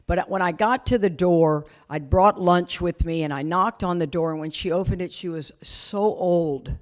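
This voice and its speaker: A woman's voice: fairly low pitch, normal speed. A middle-aged woman speaking at a recovery retreat, telling her story candidly with self-deprecating humor. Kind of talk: personal recovery talk.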